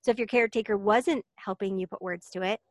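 A woman's voice: mid-range voice, fast talker, no echo. A woman hosting a podcast interview, enthusiastic and effusive, asking eager questions. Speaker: podcast host.

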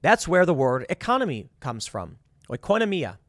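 A man giving a heated commentary monologue, his voice riding up and down as he acts out little scenes with sarcastic quoted voices. He sits fairly high for a man and sounds close and dry on the mic. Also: big pitch swings, normal speed, fairly bright tone, no room sound. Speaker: political commentator. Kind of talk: opinionated monologue.

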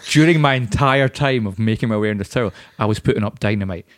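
A man's voice: fairly low pitch, fast talker, no echo, studio quality. Male podcast co-host, playful and boastful storyteller, casual chat. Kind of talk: casual banter.

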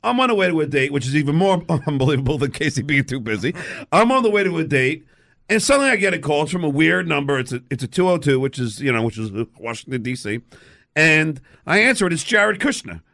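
A man's voice: fairly high pitch, big pitch swings, fast talker, vocal fry, fairly bright tone. A man guest on a radio show, telling a story with stammers, laughs and swearing, acting out the people in it. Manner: stammering, laughing, swearing, acts out other voices. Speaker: guest comedian. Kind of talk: telling an anecdote.

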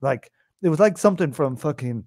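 A man's voice: a little high, expressive, a little fast, darkish tone, no room sound. Irish guy on a podcast, swears a lot, chatty storyteller, dead dry mic. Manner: profane anecdotal storyteller. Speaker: podcast co-host. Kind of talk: casual chat.

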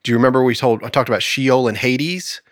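A male podcast co-host teaches scripture in a conversational Bible study, reading passages aloud. He's an animated storyteller with a medium pitch and quick pace, acting out voices in quotes and laughing. The sound is dry and close.

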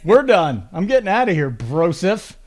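A man co-hosting a casual podcast, telling stories in an animated, joking way. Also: high-pitched, moderate pace. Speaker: podcast co-host.

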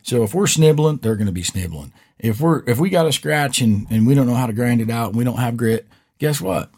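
Medium in pitch and slightly rough, this middle-aged man's voice moves a little quickly as he co-hosts a podcast. He narrates a story in relaxed conversation, performing the quotes with animation.

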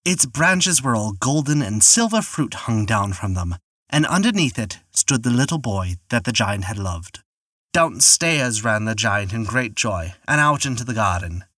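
A man narrates a folk tale in measured, expressive storytelling. His voice moves freely up and down and sounds bright. The recording is close and dry. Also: mid-range voice, dry recording. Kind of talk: scripted narration.

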